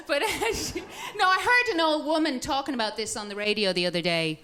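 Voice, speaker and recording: A woman's voice: sits high, animated, brisk, few pauses, crowd noise, background noise. A woman in her thirties doing a bawdy, self-mocking stand-up routine on a club stage. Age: 30s. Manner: bawdy, self-mocking, laughs through lines. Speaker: stand-up comedian.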